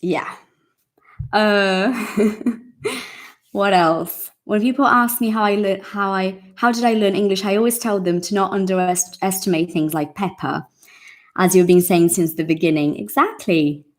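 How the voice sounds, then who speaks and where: Woman hosting a casual live English class, lively and talkative with her audience, medium voice. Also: medium pitch, measured pace. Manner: lively, acts out little dialogues, chatty with viewers. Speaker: English teacher and live-stream host. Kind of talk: casual live-stream teaching, reading viewer comments.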